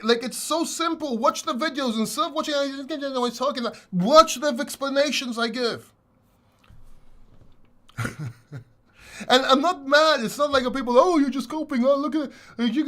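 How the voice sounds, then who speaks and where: A high-pitched man rants at his livestream viewers, exasperated and swearing freely. He is a crypto host answering questions from the chat. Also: fairly bright tone.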